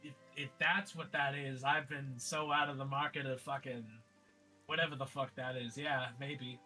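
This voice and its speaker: A man's voice: mid-range voice, flat delivery, moderate pace, pushed and bright, faint music behind, voice pushed down. A man voicing his character, a brash, hot-tempered street brawler who rants in long, profane, rambling bursts. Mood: awkward, asking.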